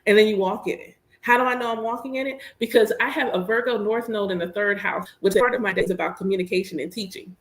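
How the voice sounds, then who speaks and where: Animated woman chatting in an echoey room. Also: mid-range voice, fast, few pauses. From United States. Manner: animated, candid, playful. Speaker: priestess and host. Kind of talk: casual chat while working.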